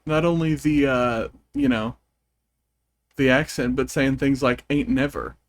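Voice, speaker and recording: A man's voice: medium pitch, steady tone, measured pace, no room sound. Rambling, amused male game streamer. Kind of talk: casual chat while gaming.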